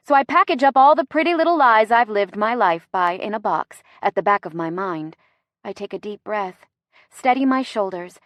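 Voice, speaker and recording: A woman reading first-person narration for a romance audiobook, expressive and close to the mic. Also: mid-range voice, no echo.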